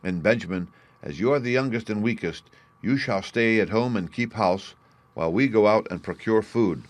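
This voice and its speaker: A man's voice: on the low side, normal speed, close to an everyday voice. A man reading bitter banished princes. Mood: resolute. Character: angry banished princes, young men.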